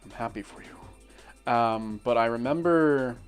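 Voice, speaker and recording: A man's voice: medium pitch, measured pace, clean tone, soft background music. A young man chatting casually while he draws, telling a crude story in a rambling way, full of restarts and laughing asides. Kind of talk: casual chat while drawing.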